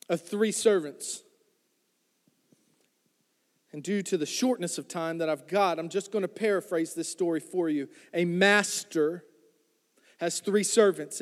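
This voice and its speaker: Guy preaching a sermon, cracks jokes, has the crowd repeat lines, reverby hall. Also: high-pitched. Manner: joking, conversational preaching with congregation call-outs. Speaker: pastor.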